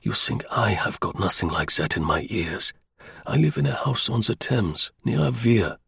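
A man voicing a cool, daring male British spy who talks low and earnestly. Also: lively intonation, normal speed, gravelly, fairly bright tone, husky, dry recording, studio quality, full character voice.

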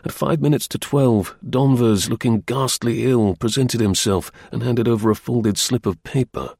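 A man narrating an audiobook in a measured storytelling manner. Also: medium pitch, creaky, darkish tone, no echo, studio quality.

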